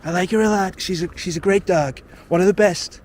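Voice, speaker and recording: Man doing a high impression voice, gushing praise, faint outdoor noise. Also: brisk, darkish tone, close to an everyday voice. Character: man impersonating someone else, praising the dog.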